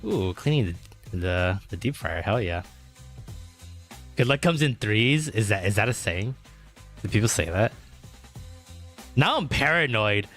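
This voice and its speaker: Guy streaming games, chatty n rambly, lots of like and um, swears, yells when excited, bright voice. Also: on the low side, measured pace, long pauses, soft background music. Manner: rambling, many fillers and restarts, swears freely; bursts into loud excited exclamations. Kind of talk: casual livestream chat while gaming.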